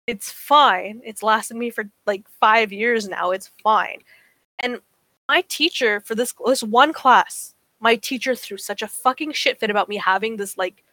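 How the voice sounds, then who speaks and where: A woman's voice: medium pitch, dry recording. A woman in her twenties on a podcast, chatting casually and telling stories with lots of swearing, acting out what people said. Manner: profane, animated storytelling, acts out quotes. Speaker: podcast co-host. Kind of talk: casual chat.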